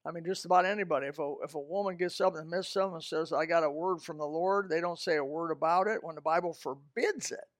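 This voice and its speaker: A man preaching a sermon in an emphatic style, swinging between loud outbursts and quiet, low asides. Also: quick pace, hardly any pauses, no echo, studio quality.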